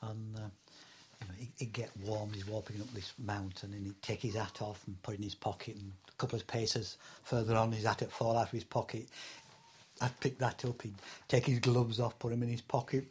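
A man's voice: on the low side, flat delivery, fairly quick, slight background noise. An older man from England telling anecdotes in an oral history interview, rambling with many fillers and bursts of laughter. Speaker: interviewee recalling Antarctic fieldwork.

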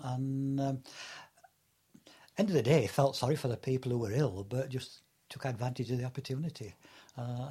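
A man's voice: medium pitch, a little mellow, husky. An older man from England telling anecdotes in an oral history interview, rambling with many fillers and bursts of laughter. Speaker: interviewee recalling Antarctic fieldwork.

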